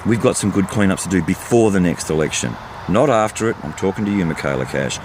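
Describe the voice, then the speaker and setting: A man's voice: sits low, expressive, fast talker, darkish tone, a little hiss or hum. An older Australian man giving a fired-up, blunt, repetitive rant to camera from his vehicle while on the road. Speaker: vlogger. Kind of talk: impassioned monologue to camera.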